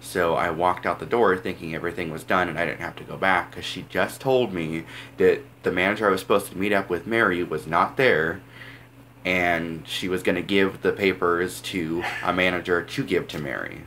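Deep-voiced young man rambling through a story. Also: moderate pace, pushed and bright, a little hiss or hum. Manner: rambling, filler-heavy, says "like" a lot. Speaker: vlogger. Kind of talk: casual storytelling vlog.

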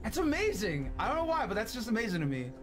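High-voiced, profane male streamer. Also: wildly swooping pitch, quick pace, music in the background. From US West Coast. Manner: profane, rambling, chatting with viewers. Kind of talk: casual gaming stream chat.

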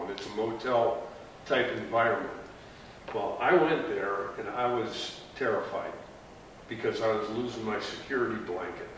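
A man's voice: medium pitch, a bit bright. Middle-aged guy telling his story casually to a crowd, lots of restarts, sounds far off, big echo, faint hiss. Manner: plain, conversational storytelling with pauses and restarts. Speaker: heart transplant recipient. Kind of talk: personal story told to an audience. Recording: echoey room from far off with faint noise.

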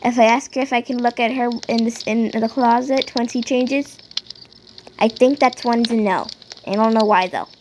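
A woman's voice: fairly high pitch, fairly even intonation, normal speed, darkish tone, a little hiss or hum, rough recording. A woman chatting and rambling as she narrates a game role-play.

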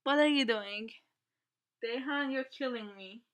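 A woman vlogging an album unboxing, gasping and gushing with excitement as she talks her way through it. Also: on the high side, a little slow. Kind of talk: casual unboxing chat.

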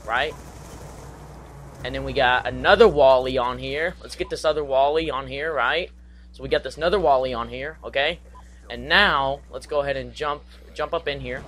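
Young male gaming commentator, excitable and goofy, average pitch, faint background noise. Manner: excitable, goofy, trash-talking, singsong asides. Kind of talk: live gameplay commentary.

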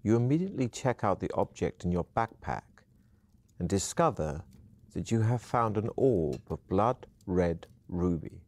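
A man narrates a dungeon adventure game in a measured, storytelling voice. His pitch sits low but moves a lot as he builds the scene. The reading is scripted and composed. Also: expressive, a little mellow.

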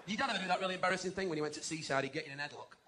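A man doing stand-up comedy, boisterous and shouting punchlines to a live crowd. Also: sits high, racing, heavy background noise. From England. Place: large indoor venue before a live audience. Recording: echoey venue with loud crowd laughter.

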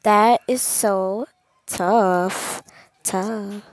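A woman's voice: mid-range voice, steady tone, very slow, dry recording. A young woman hosting a gaming channel, easily scared, who repeats her phrases and talks straight to her viewers. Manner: repeats short phrases over and over. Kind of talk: excited gameplay commentary.

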